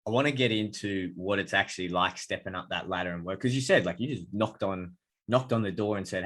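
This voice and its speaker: A male podcast host with a notably deep, low voice. He talks eagerly and conversationally, building up long setups before each question. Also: a little fast, a bit bright. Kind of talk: conversational interviewing.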